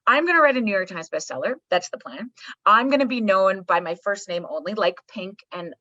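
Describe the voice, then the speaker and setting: A middle-aged woman, a psychologist guest, talking candidly in a blunt, profane, animated storytelling manner. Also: mid-range voice, fairly quick, no room sound. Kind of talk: candid podcast conversation. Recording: slightly muffled dry recording.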